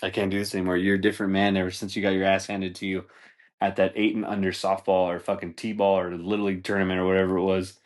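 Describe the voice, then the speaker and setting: A man voicing a fed-up wife who speaks in a flat, weary, resigned way. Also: low-pitched, fast talker, natural voice. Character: fed-up wife, weary and done with her husband.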